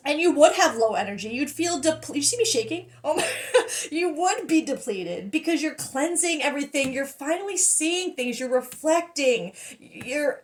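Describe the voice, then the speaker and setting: A woman giving a casual tarot reading, excitable and emotional, often laughing and trailing off mid-sentence. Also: sits high, a little slow. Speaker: tarot reader.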